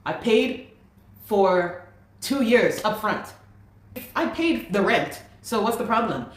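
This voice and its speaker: A woman recounting a personal story as an interview guest, animated and acting out the dialogue of others. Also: mid-range voice, slow pace. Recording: roomy echo.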